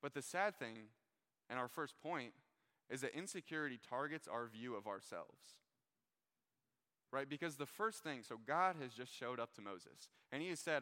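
A young man gives a laid-back sermon with a bright, forceful voice and a relaxed, chatty delivery full of fillers. His voice carries a long hall reverb, as if he is speaking in a large church hall. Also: medium pitch, moderate pace. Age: young adult. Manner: relaxed and conversational, many fillers. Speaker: pastor. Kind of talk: casual sermon to a live audience. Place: church hall with a live audience.

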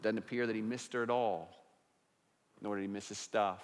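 Animated male pastor preaching in a hall. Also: lowish voice, normal speed, long pauses. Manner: animated preaching with big swings in loudness. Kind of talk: sermon.

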